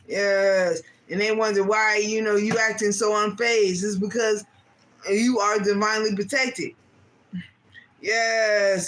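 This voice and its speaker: A woman's voice: medium pitch, fairly bright tone. A woman reading tarot cards for viewers in a slangy, casual way, repeating "yes, yes" and asking Spirit questions aloud. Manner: laughs between card readings. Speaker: tarot reader.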